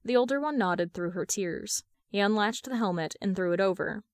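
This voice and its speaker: A woman's voice: mid-range voice, normal speed, dry recording. Woman reading fan fiction aloud, dry close sound. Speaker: podfic reader. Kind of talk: audiobook narration of fan fiction.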